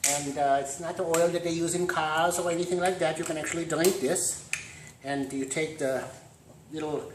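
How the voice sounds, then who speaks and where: A man hosting a mock home cooking demonstration, rambling through deadpan puns and dad jokes. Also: fairly high pitch, normal speed, noisy background. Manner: deadpan punning, dad jokes, trailing asides. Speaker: host of a joke home cooking show. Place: home kitchen. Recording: echoey kitchen with clattering pots and cutlery.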